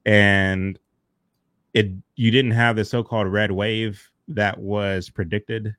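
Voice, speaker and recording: A man hosting a casual political chat, measured and careful in his phrasing. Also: fairly low pitch, little pitch movement, fairly bright tone, no room sound, studio quality.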